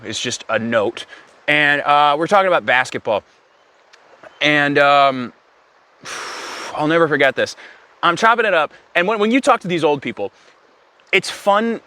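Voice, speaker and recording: A young man telling a comedic story in a rambling, deadpan way, with self-aware asides. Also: a little high, moderate pace, pauses often.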